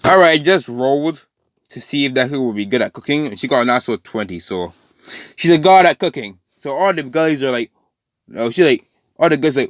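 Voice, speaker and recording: A man spins a fan-fiction story off the cuff, circling back to fix details and filling gaps with "uh" and "like." He flicks briefly into character quotes before dropping back into plain narration. His voice sits at a middling pitch and sounds dry and close, with no room sound. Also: lively intonation, a little fast, dry recording. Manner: rambling, self-correcting, with frequent fillers. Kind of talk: casual improvised story narration.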